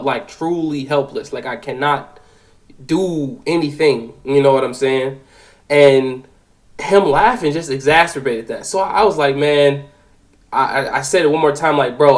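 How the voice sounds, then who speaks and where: A young man in his twenties telling a personal story, animated and profane, with lots of fillers. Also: a little high, low-quality recording. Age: 20s. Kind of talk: casual spoken storytelling.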